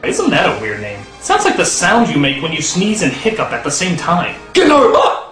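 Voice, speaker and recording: A man giving a sarcastic, profane comedic film review with shouted outbursts. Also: fairly high pitch, sing-song, moderate pace, roomy sound, loud music behind the voice.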